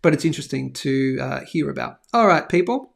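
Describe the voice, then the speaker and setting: A man's voice: mid-range voice, expressive, brisk, vocal fry. A man hosting a live precious metals stream, chatting in a rambling way and reading viewer comments. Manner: chatty, rambling, lots of fillers and asides. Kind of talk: casual live-stream chat and product plug.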